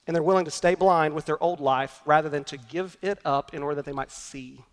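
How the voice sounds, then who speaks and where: Male pastor, sermon, earnest, emphatic repetition, fairly high voice, long hall echo. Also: fairly bright tone.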